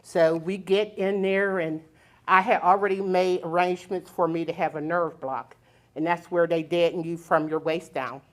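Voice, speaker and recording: An older woman telling a personal story on stage, plain-spoken and lively, chuckling as she goes. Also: fairly low pitch, normal speed. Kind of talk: personal storytelling before a live audience. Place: community center stage.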